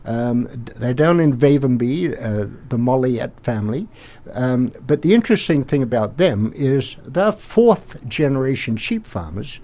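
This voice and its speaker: An older Australian man, a podcast guest, rambling through an animated anecdote and acting out the quotes. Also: medium pitch, a little slow. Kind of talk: anecdotal storytelling.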